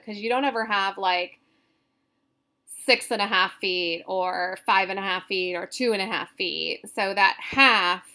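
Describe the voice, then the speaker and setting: A woman's voice: medium pitch, a bit bright. A woman instructor walking through poetry meter in a recorded lecture, explaining loosely with fillers and self-corrections.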